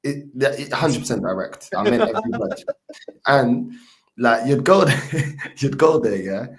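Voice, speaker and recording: A man with a London accent, an IRL streamer telling stories in relaxed, slangy casual chat. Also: medium pitch, a little slow.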